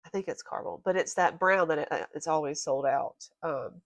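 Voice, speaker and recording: A woman's voice: low-pitched, a little fast, no echo. A woman vlogging about crochet in a casual, rambling, chatty way. Her voice is congested and nasal. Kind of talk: casual show-and-tell chat.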